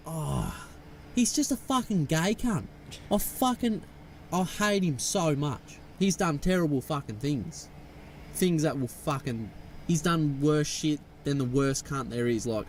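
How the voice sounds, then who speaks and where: A man's voice: medium pitch, recorded from a distance, a little hiss or hum. Worked-up guy in game chat. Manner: heated, swearing, worked-up. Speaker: gamer. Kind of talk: profane in-game banter.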